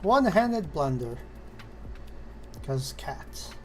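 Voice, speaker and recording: Slow-talking woman streamer chatting to herself. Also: low-pitched, sing-song, a little mellow, faint music behind. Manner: slow, self-talking, talks fondly and exasperatedly to her cat. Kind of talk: casual live-stream chat while 3D modeling.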